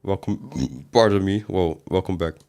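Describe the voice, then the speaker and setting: A man's voice: deep voice, measured pace, warm tone, soft background music. A man doing casual livestream commentary as a game streamer, reading chat aloud and answering it in a rambling way with sudden exasperated outbursts.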